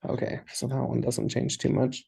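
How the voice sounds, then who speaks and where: A man's voice: mid-range voice, monotone, normal speed, creaky, dark tone, slightly rough. A man tutoring a student in Hebrew, patiently explaining words step by step and asking questions. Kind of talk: online language lesson.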